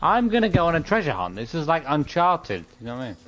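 A man's voice: a little high, huge pitch swings, fast talker, a bit bright. A young man chatting casually while playing a game, rambling and playful. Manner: rambling, playful, hums and does silly sound bits. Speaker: gaming streamer. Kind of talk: casual gameplay commentary.

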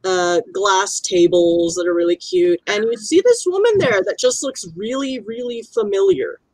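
A woman's voice: mid-range voice, expressive, normal speed, a little mellow, no echo, low-quality recording. A woman narrating a tabletop role-playing game as game master, chatty and descriptive with many fillers.

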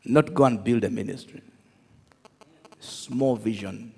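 A man preaching a sermon, telling stories with laughter and shouting out to his congregation. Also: fairly low pitch, slow, creaky, slightly rough. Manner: animated storytelling, laughs, shouts to the crowd. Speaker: pastor. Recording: echoey hall with long reverb.

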